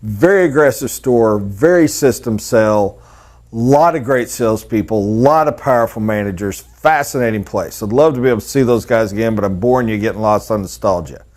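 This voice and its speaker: A man's voice: fairly low pitch, moderate pace, a little mellow. A middle-aged man with a Texas accent, a sales trainer telling a folksy story in a training session and acting out customers' voices. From Texas and Oklahoma.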